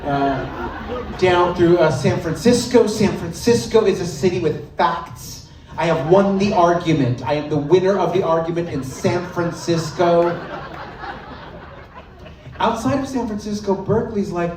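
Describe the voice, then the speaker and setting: Onstage at a comedy club, a man with a high voice does a playful, loose stand-up set at an unhurried pace, slipping into mock regional accents. He sounds far from the mic, with a noisy crowd, music, and roomy live sound around him.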